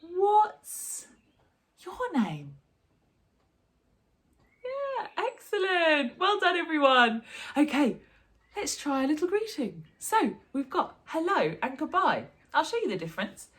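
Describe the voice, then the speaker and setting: A woman's voice: high-pitched, big pitch swings, a little slow, fairly bright tone. A woman, a drama teacher, giving a chatty and encouraging online sign language lesson.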